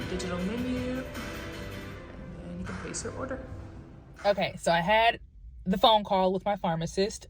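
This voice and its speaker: A young woman in her twenties, a doctoral student vlogging in a casual, upbeat way to her phone camera while walking outdoors on campus. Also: medium pitch. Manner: chatty and upbeat, talking to the camera. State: out of breath from walking. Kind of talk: casual vlog chat.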